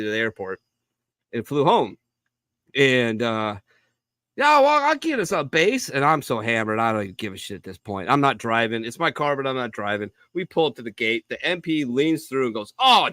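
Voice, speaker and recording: A man's voice: medium pitch, fairly quick, a bit bright, dry recording. A middle-aged man, co-host of a live show, rambling through a profane story and acting out the quotes. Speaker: podcast co-host.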